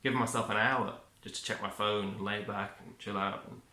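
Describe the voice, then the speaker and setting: A man's voice: fairly low pitch, fairly even intonation, normal speed, bright, forceful tone. A man giving a rambling, upbeat self-help monologue, often cutting himself off mid-word. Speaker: vlogger. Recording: echoey room.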